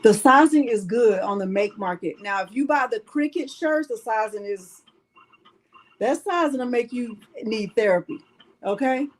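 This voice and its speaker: A woman's voice: a little high, measured pace, slight background noise, low-quality recording. A woman hosting a casual crafting livestream. She talks straight to her viewers in a playful, chatty way and uses dialect speech. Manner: dialect speech, drops verb endings. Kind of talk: casual live crafting chat.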